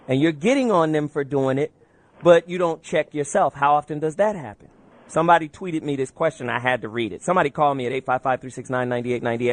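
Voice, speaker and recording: A man hosting a call-in radio show in a voice a touch higher than most men's, with a very dry, close sound. He talks casually and playfully, teasing his guests and urging listeners to phone in. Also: no room sound. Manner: animated, playful, laughs often. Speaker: radio talk show host.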